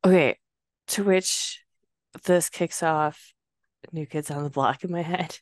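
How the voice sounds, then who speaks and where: A woman from the US Midwest, co-hosting a casual book podcast, playful and quick to drift off topic. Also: low voice, no echo, studio quality. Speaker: podcast co-host reading a book aloud. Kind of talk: casual book-club chat and reading aloud.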